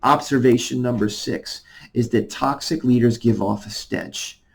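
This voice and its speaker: A man in a mid-range voice gives a devotional message as an army chaplain. He talks in a loose, conversational way and reads scripture aloud. His voice sits at an ordinary pitch for a man. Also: measured pace, vocal fry, slightly rough, rough recording.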